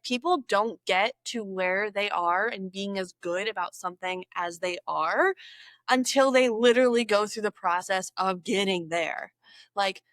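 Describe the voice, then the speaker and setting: A woman's voice: mid-range voice, a bit bright, no echo. A woman talking casually to camera at home in a chatty, upbeat way, often saying "like". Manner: chatty and upbeat, heavy use of "like". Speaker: bird content creator. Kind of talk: casual vlog talk to camera.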